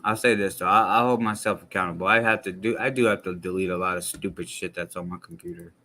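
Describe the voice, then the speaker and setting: A man's voice: deep voice, steady tone, fast talker, bright, forceful tone. A young man streaming live, talking bluntly in casual slang and swearing freely. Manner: blunt and profanity-heavy, heavy slang. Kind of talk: casual livestream talk.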